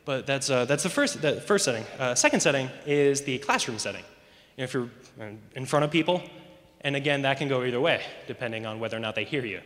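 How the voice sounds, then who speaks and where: Bright-voiced teen boy doing stand-up. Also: mid-range voice, lively intonation, fast talker. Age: teens. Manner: rambling, self-mocking, lots of "you know". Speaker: stand-up comedian at a school talent show. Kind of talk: stand-up comedy. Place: large school auditorium stage. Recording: echoey hall.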